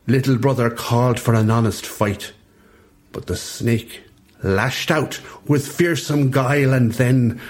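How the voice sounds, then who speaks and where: A man's voice: fairly low pitch, a little mellow. A man with an Irish accent, a poet and priest, reading his comic verse with a playful, rhythmic delivery. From Ireland.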